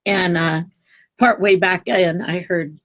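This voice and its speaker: A woman guest telling a personal spiritual story in an earnest, emotional, halting way. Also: on the low side, fairly even intonation, a bit bright, dull audio.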